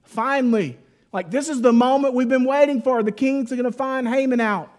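A man delivers a Bible teaching sermon in a relaxed, chatty style. His voice sits high for a man, and he keeps it lively with informal asides. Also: moderate pace. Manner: conversational and animated, lots of 'like'. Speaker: preacher.

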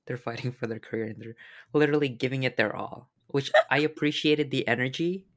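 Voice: medium pitch, fairly quick. A co-host in casual chat, blunt and teasing, with a sarcastic edge.

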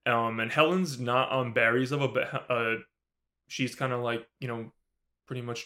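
A man co-hosting a podcast, recapping a horror film in casual, animated talk, swearing often and acting out the characters' lines. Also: mid-range voice, fairly quick. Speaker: podcast co-host. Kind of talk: casual movie review recap.

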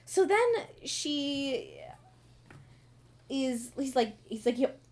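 Animated young woman, higher voice. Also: very slow. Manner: animated, swearing, laughing often. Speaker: co-host. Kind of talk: casual book discussion.

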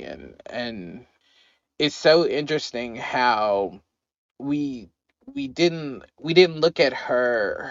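A man co-hosting a podcast, chatting casually about politics with animated, emphatic, repetitive phrasing. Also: medium pitch, gravelly, no echo, lo-fi sound. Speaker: podcast co-host.

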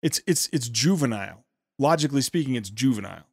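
A man's voice: medium pitch, expressive, fast talker, vocal fry, husky, dry recording, studio quality. A man hosting a show, giving an indignant, sarcastic running commentary on a speech clip. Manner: indignant, sarcastic, repeats words when heated. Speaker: podcast host.

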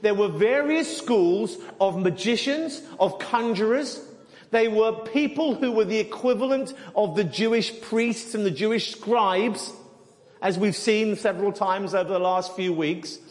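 High-voiced man preaching in a hall. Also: measured pace. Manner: animated teaching with repeated words. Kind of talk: sermon. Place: church hall. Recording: long hall reverb.

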